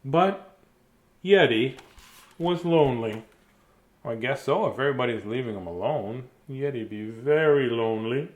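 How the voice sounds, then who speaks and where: On a live stream, a storybook reader and host works through a bedtime picture book, pausing between lines to chat and chuckle. His mid-range voice is animated, and he never hurries.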